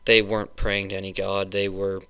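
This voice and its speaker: Rambling early-20s guy, low voice with a sharp bright edge, heated rant with lots of restarts. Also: monotone, moderate pace, clear, resonant tone. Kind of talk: webcam rant.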